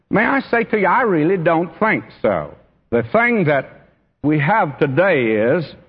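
This pastor's voice is husky and on the high side as he delivers a church sermon. He addresses listeners directly and earnestly, calling them friend and beloved. It was captured in a church hall, and the audio sounds dull and echoey.

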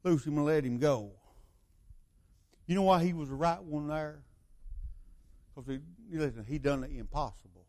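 An older man delivers a sermon in a fairly high voice. He tells the story loosely, full of asides and rhetorical questions put to his listeners. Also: normal speed, pauses often, mellow. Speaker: preacher.

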